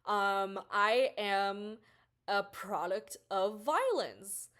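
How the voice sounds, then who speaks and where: A woman's voice: medium pitch, lively intonation, drawn-out words, a bit bright. A woman quoting a blunt, defiant young heroine.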